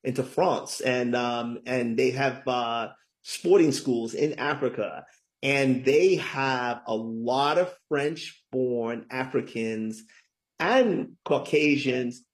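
A middle-aged man talks through a casual interview as a guest, explaining things in an easy, chatty way. He leans hard on key words and keeps checking in with the listener. His voice sits at an ordinary pitch. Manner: chatty, lots of "right?" tags, emphatic. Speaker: guest, author.

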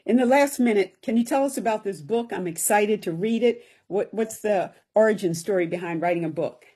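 Husky, mellow-voiced woman host. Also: medium pitch, a little fast. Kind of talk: interview hosting.

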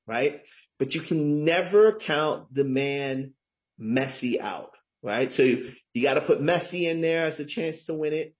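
A middle-aged man being interviewed as an author, talking in a chatty, emphatic way and often tagging "right?" onto his points. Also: on the high side. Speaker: guest, author. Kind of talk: casual interview talk.

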